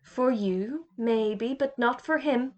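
A woman's voice: fairly high pitch, slow, a little mellow. A woman reading aloud, voicing a kindly, patient male schoolteacher who is a magician. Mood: earnest. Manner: patient, mildly fretful.

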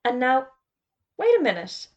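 A woman reading aloud, voicing a brisk, fussy male schoolmaster who snaps and gets easily rattled. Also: high voice, wildly swooping pitch, a little mellow, dull audio, voice pushed up, full character voice. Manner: snappish, then faint and flustered.

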